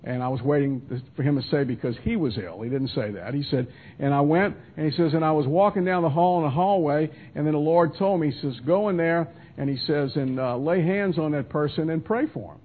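A man's voice: fairly high pitch, brisk, slight background noise. A man teaching verse by verse through a Bible passage in a conversational manner with frequent restarts and asides, heard as a radio broadcast. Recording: tinny phone-line radio broadcast.

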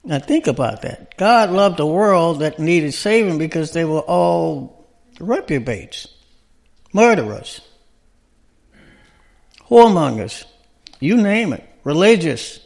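A man with a fairly high voice preaching a sermon. He talks to the congregation conversationally and keeps checking in with rhetorical questions. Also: very animated, takes it slowly, vocal fry, pauses often, darkish tone.

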